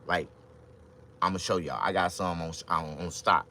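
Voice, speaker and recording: Deep-voiced man ranting crudely to viewers. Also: normal speed, pauses often. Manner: loud, crude, animated rambling with sudden shouts; drawling, repeats himself, thinks aloud. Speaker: vlogger. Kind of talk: casual comedic rant to viewers.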